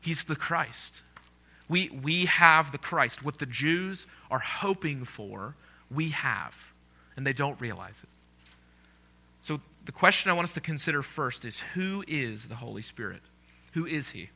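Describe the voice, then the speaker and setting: Bright-voiced male preacher. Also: fairly high pitch, expressive, a little slow, creaky. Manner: conversational, asks the congregation questions. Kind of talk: sermon.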